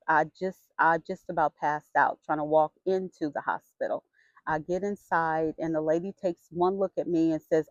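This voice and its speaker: A middle-aged woman vlogger telling a personal story in a frank, chatty and expressive way. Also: low-pitched, moderate pace, no room sound. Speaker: vlogger sharing her health story. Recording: dull lo-fi sound.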